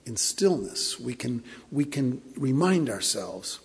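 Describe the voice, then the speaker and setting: A man preaching a sermon as a pastor, earnest, often repeating words and dropping to a soft, slow hush. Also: mid-range voice, very animated, breathy edge. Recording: long hall reverb.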